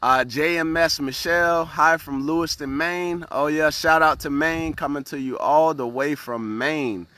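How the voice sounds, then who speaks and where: A man's voice: a little high, unhurried, hardly any pauses, sharp tone, dry recording. A man hosting a casual motivational live stream, speaking earnestly, repeating words and often asking "right?" as he greets viewers by name.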